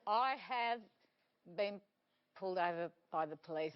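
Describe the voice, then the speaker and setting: An Australian woman in her forties, a comedic guest telling animated, laughing anecdotes on a TV panel show. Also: on the low side, a little slow, very noisy. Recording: dull lo-fi TV audio.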